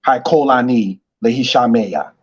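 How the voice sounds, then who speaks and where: Male Hebrew teacher, husky and mellow, repetitive live-stream delivery, muffled lo-fi audio. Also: medium pitch, a little slow. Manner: repetitive, addresses listeners as brothers and sisters. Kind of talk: online Hebrew lesson.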